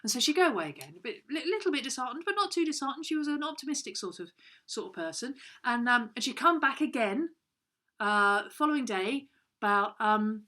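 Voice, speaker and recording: A woman's voice: a little high, big pitch swings, brisk, bright, forceful tone. A woman co-hosting a home lesson, telling a rambling, mock-serious comic story in a playful way. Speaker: co-host of a comedy kids' lesson.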